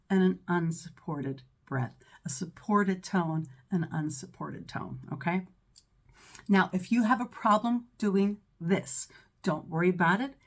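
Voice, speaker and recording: A woman voice teacher with a mezzo-soprano voice giving an instructional breathing lesson, often checking in with "right?" and "okay?". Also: mid-range voice.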